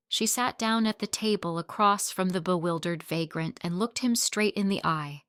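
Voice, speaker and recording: A woman narrating a story in an even, scripted storytelling manner. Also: fairly low pitch, normal speed, few pauses, smooth, dry recording, clean studio sound.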